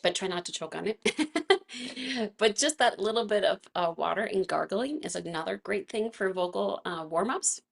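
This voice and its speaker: A woman leads a casual live online movement class, chatty, gentle, and laughing often. Her mid-range voice is animated and gravelly at a moderate pace, a little froggy from vocal fatigue.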